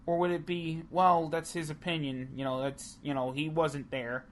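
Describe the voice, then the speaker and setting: A man co-hosting a casual chat show, ranting heatedly with plenty of swearing and restarts. His voice sits a little high. Faint noise hangs behind him. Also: flat delivery, moderate pace. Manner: heated, profane, rambling with restarts. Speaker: podcast co-host.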